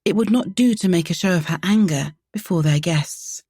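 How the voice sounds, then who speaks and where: A woman narrating a romance audiobook in a measured, even way. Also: on the low side, husky.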